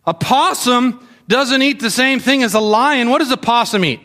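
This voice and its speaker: Children's pastor: male, high bright voice, animated, questioning the kids. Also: normal speed. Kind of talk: sermon to children.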